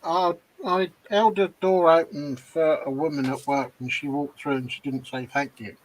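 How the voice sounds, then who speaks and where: A man's voice: on the high side, fairly even intonation, moderate pace, rough recording. A man co-hosting a casual hobby livestream, giving short replies and telling a sarcastic story. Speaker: co-host of a model-building livestream. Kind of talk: casual chat.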